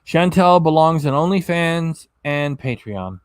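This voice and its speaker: A man's voice: a little high, animated, unhurried, clear, resonant tone, dry recording, studio quality. A tired man casually chatting on a live stream, reading chat messages aloud and stumbling over names as he goes. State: tired, yawning. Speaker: reaction channel host reading live chat.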